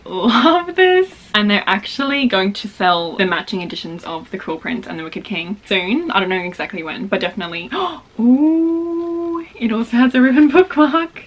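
A young woman chats excitedly through an unboxing, gasping and gushing over each item in a mid-pitched voice. A faint hiss of noise sits under her talk. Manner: gushing, gasps often, repeats "oh my gosh". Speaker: book unboxing vlogger.

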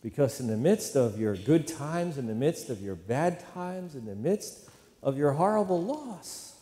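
A man's voice: fairly high pitch, sing-song, a little slow, mellow. A man preaching a sermon as a pastor, talking in a conversational way and often checking in with "right?" and call-and-response lines. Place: church sanctuary. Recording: long hall reverb.

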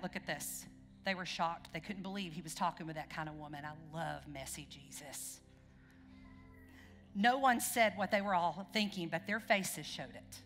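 A woman's voice: fairly low pitch, a bit bright. A woman preacher giving a conversational sermon in a church, often checking in with the congregation with questions. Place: church sanctuary. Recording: long hall reverb with faint music.

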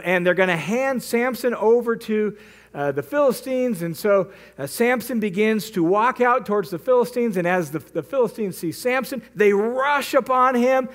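A man teaching as a Bible teacher, retelling a story in a lively, conversational way with frequent asides. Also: sits high. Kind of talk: casual storytelling lesson.

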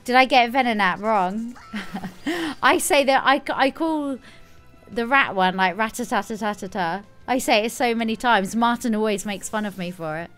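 A woman game streamer talks casually as she plays, breaking into sudden excited squeals. Her voice sits high and sounds smooth and clean. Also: normal speed, soft background music. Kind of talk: casual live gameplay commentary.

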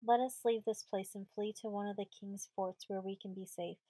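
A woman's voice: medium pitch, steady tone, normal speed, warm tone, no echo, lightly acted. A woman voicing a timid, frightened settler wife who pleads in a sobbing voice. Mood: pleading.

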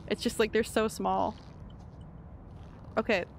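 A woman's voice: mid-range voice, fairly even intonation, slow pace, vocal fry, slight background noise. Chatty Canadian woman streaming a game. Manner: chatty, laughs often, talks to chat. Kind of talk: casual gameplay commentary.

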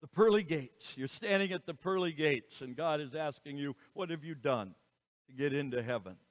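A man preaching a sermon as pastor, slow and emphatic, with dramatic rises and falls in his voice. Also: on the high side, lively intonation. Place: church sanctuary. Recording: reverberant church hall.

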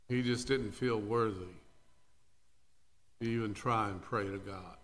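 A man's voice: fairly low pitch, slow pace, pauses often, a bit bright. A male pastor preaching a sermon in a church worship service, telling the story dramatically and speaking directly to the congregation.

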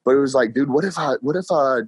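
A young man, a car salesman guest telling his story in a casual interview, excited and quick to laugh. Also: medium pitch, husky, no room sound. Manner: excited, laughs often, talks fast with "like" and "bro".

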